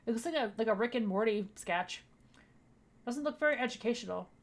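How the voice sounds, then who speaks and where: A woman's voice: on the high side, expressive, fairly quick. A woman streaming a game, giving playful, jokey casual commentary and reading the game's lines aloud. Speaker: vtuber streamer. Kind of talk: casual let's-play commentary. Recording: game music playing clearly behind.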